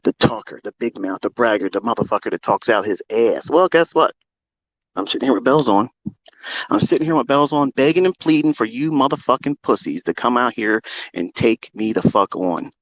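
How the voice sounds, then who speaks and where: A man hosting a live audio stream, delivering a heated, profane and boastful rant that swings between loud outbursts and low muttering. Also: lively intonation, a little fast, no echo. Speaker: trading educator and Twitter Space host.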